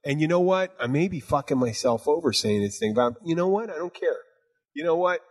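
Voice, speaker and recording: A man hosts a bartending podcast in casual chat, speaking bluntly and emphatically with plenty of swearing and repeating "you know what." His pitch is fairly high with big swings, and he talks a little fast.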